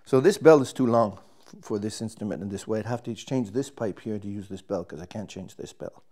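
A man's voice: lowish voice, fairly quick, warm tone. A man, a trumpet player, casually explaining and demonstrating his instrument, thinking aloud as he works and restarting his sentences.

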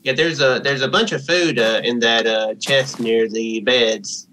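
A man's voice: medium pitch, measured pace, pushed and bright. A man in casual gaming chat who hesitates, fills gaps and loses his train of thought. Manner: hesitant, full of fillers, trails off. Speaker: gamer.

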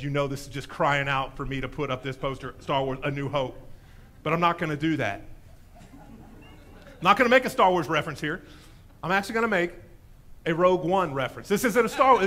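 A man preaching a sermon in a church, telling a story with lively animation and acting out the voices in it. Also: on the high side. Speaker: pastor.

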